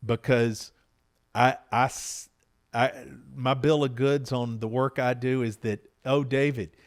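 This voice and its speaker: Middle-aged male host, earnest and reflective, medium pitch. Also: fairly even intonation, slow pace. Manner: earnest, reflective and openly heartfelt. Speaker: podcast host. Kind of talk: candid conversation with his spouse.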